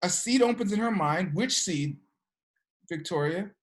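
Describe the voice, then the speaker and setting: Slow, low-voiced woman teaching a class. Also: animated. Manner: checks in with students with frequent "okay?". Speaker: teacher of an energy work class. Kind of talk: classroom lecture with storytelling.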